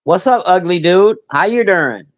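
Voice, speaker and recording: A man with a high-pitched voice streams live, chatting casually with his viewers. He swears freely and rambles with plenty of fillers, calling out people in chat by name. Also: lively intonation, unhurried, lo-fi sound. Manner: profane, rambling, with many fillers; talks straight to chat by name.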